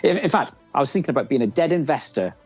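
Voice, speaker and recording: A man's voice: a little high, very animated, fast talker, husky, no echo, highs cut off, faint music behind. A man chatting on a podcast, reflective as he talks things through. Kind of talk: casual chat.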